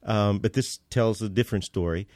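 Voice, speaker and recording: A man as a podcast guest, telling a story in casual conversation, halting with many fillers and restarts. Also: on the low side, a little mellow, no echo, studio quality.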